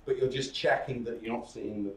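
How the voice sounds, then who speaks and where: A man presenting a startup workshop, lively and chatty, acting out audience members with laughing asides. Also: medium pitch, brisk, creaky. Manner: animated, acts out audience reactions with laughing asides. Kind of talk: presentation skills workshop talk. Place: workshop room. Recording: roomy echo from a distant mic.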